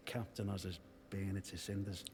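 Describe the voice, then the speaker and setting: An actor playing a nervous, secretive male villager in a video game, speaking in a hushed, confiding way. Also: sits low, little pitch movement, normal speed, natural voice. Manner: hushed, confiding, cuts himself short. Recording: game audio with background noise.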